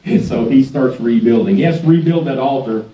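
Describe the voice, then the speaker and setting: A man's voice: medium pitch, a little fast, mellow. A man preaching as a guest pastor in a church, telling the story in a folksy way and often chuckling. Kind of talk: sermon. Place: church sanctuary. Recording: echoey sanctuary, distant dull mic.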